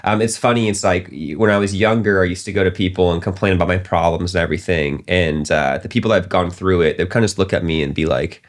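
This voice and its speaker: A young man hosting a casual business podcast, telling stories in an animated way and acting out the voices of the people he quotes. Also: low voice, fast, hardly any pauses. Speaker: podcast host.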